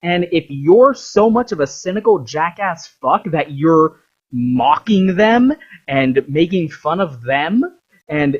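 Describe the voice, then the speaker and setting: A vlogger on a heated, profane rant, speaking at a middling pitch with a husky, breathy edge. The talk is loose and full of fillers, and the recording sounds dull and lo-fi. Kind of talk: casual ranting monologue.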